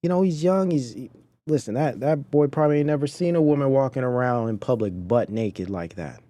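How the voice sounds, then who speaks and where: A man's voice: medium pitch, animated, fairly quick, warm tone, no echo. A man hosting a podcast, giving indignant, preachy commentary on video clips and talking to his chat. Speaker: podcast host.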